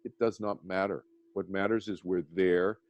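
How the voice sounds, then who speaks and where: A man's voice: deep voice, fairly even intonation, normal speed, darkish tone, no echo, muffled recording. A man talking as a guest, explaining earnestly with frequent restarts and checking in with "okay?". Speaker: guest, meditation teacher.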